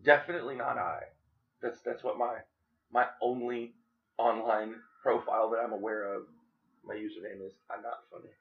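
A man co-hosting a casual podcast, joking in a dry, deadpan way. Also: mid-range voice, normal speed, phone-quality sound. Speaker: podcast co-host. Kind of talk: casual chat.

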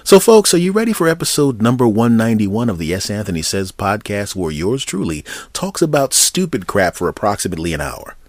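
A man's voice: fairly low pitch, very animated, fairly quick, hardly any pauses, a little mellow, dry recording, clean studio sound. A man hosting his own solo comedy podcast, rambling and joking with mock threats toward his listeners. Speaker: podcast host.

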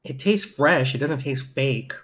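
A man co-hosting a relaxed chat show, tasting snacks and cracking crude jokes. He swears freely in an easygoing way. His voice sits at an ordinary middle pitch. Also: a little slow. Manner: crude, joking, swears casually. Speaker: podcast co-host. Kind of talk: casual chat, taste-testing snacks.

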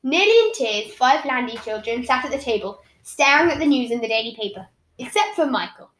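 A woman reading a story aloud with expressive storytelling. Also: sits high, brisk. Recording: echoey room.

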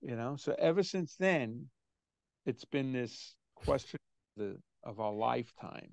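An older man, a drummer, telling anecdotes in a relaxed, chatty way during a remote interview, sometimes doing quick voices of other people. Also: medium pitch, vocal fry, dry recording.

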